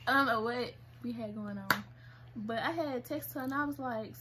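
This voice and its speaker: A young woman telling a story in casual chat, her voice high and bright. She is animated, laughs a lot and acts out what others said. She sounds at ease beside her partner. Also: normal speed, slight background noise. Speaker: co-host telling a couple's story.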